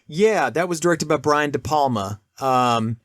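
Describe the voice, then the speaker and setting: A man's voice: fairly high pitch, unhurried, fairly bright tone, no room sound, studio quality. A man co-hosting a casual film discussion podcast, rambling with many restarts and fillers. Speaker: podcast co-host.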